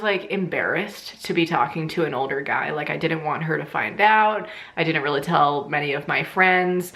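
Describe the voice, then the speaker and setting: Animated young woman telling a story. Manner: animated, swings into high squeals for quoted lines; swears freely, laughs through her story. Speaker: vlogger. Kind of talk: casual storytime chat.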